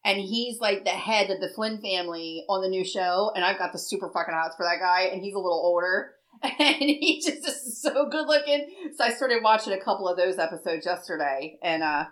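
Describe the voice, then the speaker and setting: A woman's voice: medium pitch, lively intonation, brisk, hardly any pauses, a bit bright, poor audio. A woman co-hosting a casual chat show, talking bluntly and profanely in a rambling way. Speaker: podcast co-host.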